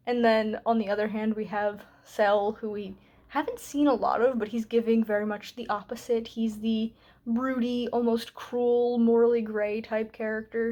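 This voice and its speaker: Young female book vlogger, slightly high-pitched, candid and chatty with lots of fillers. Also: darkish tone. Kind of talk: casual book review vlog.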